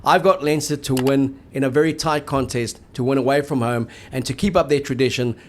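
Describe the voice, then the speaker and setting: A man's voice: mid-range voice, fairly even intonation, a little fast, a little hiss or hum. A man co-hosting a rugby show, chatting casually and wryly and tagging his sentences with "eh". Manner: chatty, tags sentences with "eh", wry. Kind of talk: casual sports chat.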